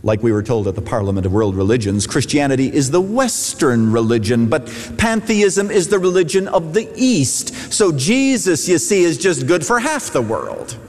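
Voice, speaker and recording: A middle-aged man, a pastor, preaching a sermon with emphatic rises and falls in pitch. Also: big pitch swings, moderate pace, hardly any pauses. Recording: long hall reverb.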